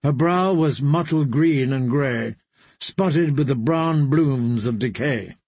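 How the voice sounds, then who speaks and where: A man reading a fantasy novel aloud with measured, grave narration. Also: mid-range voice, darkish tone, breathy edge, no room sound. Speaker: audiobook reader.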